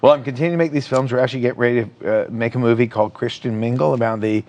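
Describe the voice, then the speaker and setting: A middle-aged man being interviewed as a guest filmmaker, telling stories with lively acted-out quotes. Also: mid-range voice, racing. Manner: animated storyteller, acts out quotes. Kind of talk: conversational TV interview. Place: TV studio.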